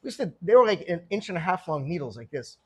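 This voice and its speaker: A middle-aged man with a high, husky voice spins stories from his own life in an animated, casual way. He laughs often as he talks. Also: fast. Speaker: guest speaker telling his life story. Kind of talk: casual storytelling talk.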